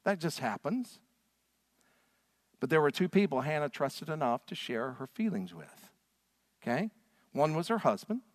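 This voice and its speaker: A man's voice: fairly high pitch, very animated, a little slow, long pauses, no echo, clean studio sound. A man preaching a sermon from a church stage, earnest and emphatic. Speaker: pastor.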